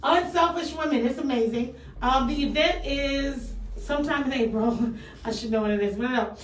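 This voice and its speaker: A woman hosts a radio show in loose, joking chat and swears freely now and then. Her voice sits a little high and comes across from a step back off the mic. The studio is roomy, with a faint hiss behind her. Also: moderate pace, recorded from a distance. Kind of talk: casual on-air chat.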